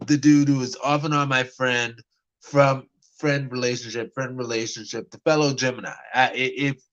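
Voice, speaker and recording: A man's voice: medium pitch, a bit bright, lo-fi sound. Rambling man telling a dating story. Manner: rambling, stammering storyteller with many restarts. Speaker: vlogger. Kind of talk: casual talk to camera.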